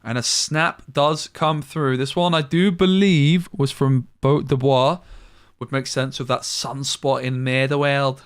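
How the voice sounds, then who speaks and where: A man casting a card game tournament live, calling plays briskly and thinking aloud between moves. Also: medium pitch, fairly even intonation, clean tone. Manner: brisk analytical play-by-play with thinking-aloud asides. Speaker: tournament caster. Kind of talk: live esports play-by-play commentary.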